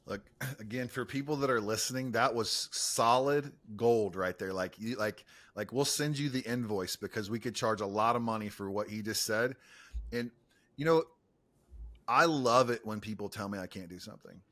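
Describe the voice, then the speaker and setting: A man's voice: fairly low pitch, moderate pace, fairly bright tone. A man hosting a podcast, chatting enthusiastically and casually, full of "like" and "dude". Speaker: podcast host, coach. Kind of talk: casual interview chat.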